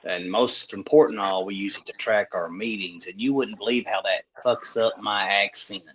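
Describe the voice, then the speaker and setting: Guy, lowish voice but bright, dry little jokes on a podcast. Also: fairly even intonation, normal speed, slightly rough, poor audio. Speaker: podcast co-host. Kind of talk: casual podcast banter.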